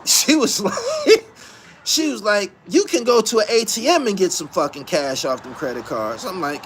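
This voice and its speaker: A podcast host, a man, tells a story loosely and profanely at a normal pace, often dissolving into laughter. His voice swings from a low mutter to high, excited yelps, with a little background noise behind him.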